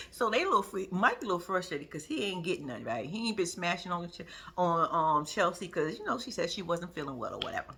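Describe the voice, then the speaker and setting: Woman vlogger in AAVE, lively bright recap chatter, husky edge. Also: medium pitch. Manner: animated, laughing often, playfully cussing. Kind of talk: casual reaction recap.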